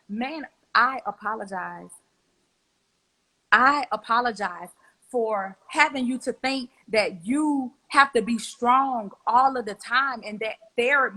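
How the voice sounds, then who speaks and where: Earnest young woman, emotional apology, slightly high and husky. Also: sharp tone, rough recording. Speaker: guest. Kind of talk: heartfelt spoken apology.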